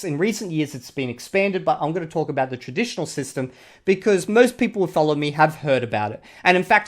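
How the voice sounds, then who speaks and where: A man with an Australian accent giving casual commentary as a channel host, blunt and sarcastic, and he swears casually. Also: a little high. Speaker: channel host reviewing a video.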